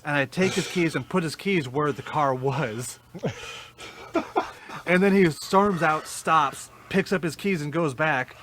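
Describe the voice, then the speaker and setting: A man's voice: a little high, measured pace. A man co-hosting a podcast, telling a rowdy story in casual chat, swearing and laughing as he goes. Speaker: podcast co-host.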